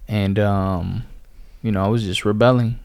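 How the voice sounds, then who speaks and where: A man's voice: on the low side, steady tone, moderate pace, gravelly, a little mellow, smooth. A young man telling his life story casually, full of "like" and quoted asides. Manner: chatty, lots of "like" and "I was like" quotes. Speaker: testimony speaker.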